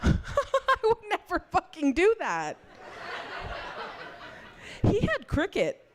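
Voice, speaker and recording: A woman performing a stand-up comedy set on a club stage with a handheld mic, brash and profane, dropping into lowered voices to act out other people. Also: wildly swooping pitch, takes it slowly, background noise.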